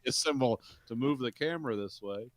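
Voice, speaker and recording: A man's voice: medium pitch, fairly quick, no room sound. A man co-hosting a casual movie podcast, easygoing, giving short replies and knowledgeable asides. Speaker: podcast co-host.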